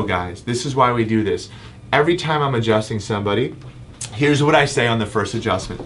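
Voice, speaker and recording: A man's voice: medium pitch, animated, brisk, slight background noise. A man in his thirties, a chiropractor hosting a casual live Q&A and answering viewer comments with frequent ums. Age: 30s. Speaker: chiropractor host.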